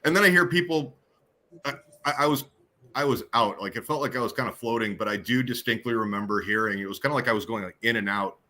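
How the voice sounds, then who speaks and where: Bright-voiced man telling stories. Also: mid-range voice, quick pace. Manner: animated, jokey, many restarts. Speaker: guest on hypnosis show. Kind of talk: casual storytelling.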